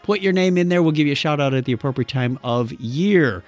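A man's voice: fairly high pitch, expressive, a little fast, faint music behind. A man hosting a podcast in casual banter, chatty and jokey, with plenty of asides. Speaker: podcast host.

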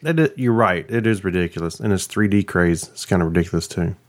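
A male co-host with a lowish voice, chatting in an easygoing way and chuckling along. He often hesitates and restarts. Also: fast talker. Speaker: podcast co-host. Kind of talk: casual chat.

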